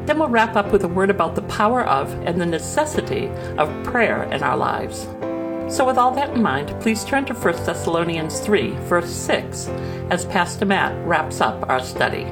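A woman's voice: fairly low pitch, sing-song, normal speed, creaky. Lilting woman radio announcer. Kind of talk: scripted radio introduction. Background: guitar music.

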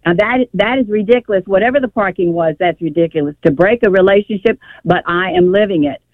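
An older woman with a mid-range voice calls in to a radio show over a tinny phone line, talking fast as she tells a long, emotional, rambling story full of restarts. There is no room sound.

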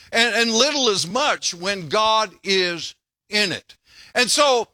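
An older man preaching in a folksy, joking way, trading jokes and scripture. His voice sits high and swings around a lot, bright and forceful. The sound is dry and close. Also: dry recording. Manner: folksy, joking preacher who breaks off to tell stories. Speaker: pastor. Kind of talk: sermon.

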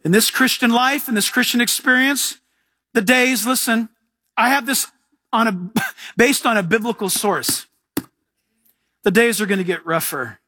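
A man's voice: very high voice, a little slow, pauses often, no room sound. A man, a pastor, preaching a sermon in an emphatic way and often saying "listen". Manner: animated, emphatic, repeats "listen".

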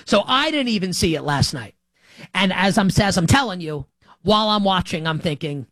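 Sarcastic sports talk host, dry sound. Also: male voice, sits high, moderate pace, no echo. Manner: sarcastic, animated. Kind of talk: sports opinion monologue.

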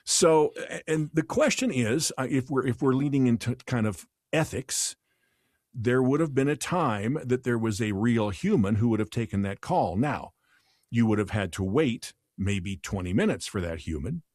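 Male host, casual musing delivery, dry room, mid pitch. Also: expressive, normal speed, darkish tone, dry recording. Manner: thoughtful, with restarts. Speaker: podcast host. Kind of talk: casual conversational podcast.

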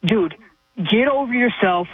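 A man's voice: high-pitched, expressive, unhurried, dry recording. A man calling in to a sports radio show, giving his opinions in a blunt, dismissive way. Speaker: caller. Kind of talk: call-in sports talk radio. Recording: tinny phone line, dry.

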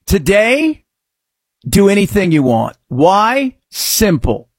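A man hosting a satirical political commentary show, sarcastic, breaking into mock-shouted outbursts. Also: sits high, big pitch swings, takes it slowly, no echo, clean studio sound. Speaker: show host.

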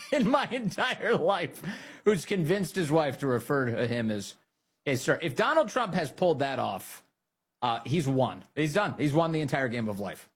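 A husky-voiced man runs his political talk show with mocking glee. He laughs easily and jumps up into high, incredulous jabs before dropping back to a plain conversational tone. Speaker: podcast host.

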